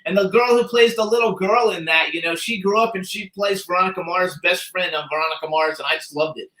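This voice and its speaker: A man's voice: sits high, fast, pushed and bright. A man hosting an interview show, chatty and eager as he asks his questions. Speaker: host. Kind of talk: casual interview chat. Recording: roomy echo.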